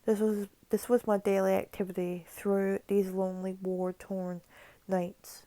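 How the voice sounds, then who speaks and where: A woman narrating a horror story for her channel, her voice gravelly and mellow with a fairly flat delivery. The sound is dry and close. She stumbles on words here and there and slips in casual asides. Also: mid-range voice, unhurried, dry recording. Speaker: creepypasta narrator. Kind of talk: reading a horror story aloud.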